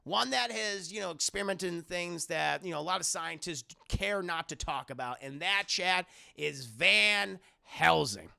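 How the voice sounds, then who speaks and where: A man giving a rambling, profane, animated spoken film recap as a streamer. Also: sits high, measured pace, gravelly, few pauses. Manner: rambling, profane, animated, many fillers and restarts.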